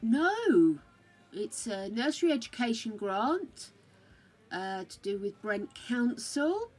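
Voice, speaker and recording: A woman's voice: on the high side, big pitch swings, takes it slowly, a little mellow, soft background music. An older woman from the UK with a British accent that drifts between regional accents, chatting casually on her game stream and calling viewers darling and dearie. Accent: British, shifting between regional accents. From United Kingdom. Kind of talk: casual livestream chat.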